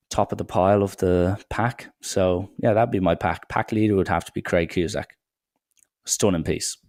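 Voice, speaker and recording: A man's voice: sits low, a little mellow, dry recording, clean studio sound. A young man hosting a solo podcast, rambling through irreverent banter with plenty of swearing. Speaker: podcast host.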